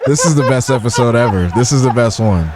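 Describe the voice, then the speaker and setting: A man's voice: mid-range voice, expressive, fast, very noisy. A man giving sarcastic, giggly asides as a guest on a game commentary show.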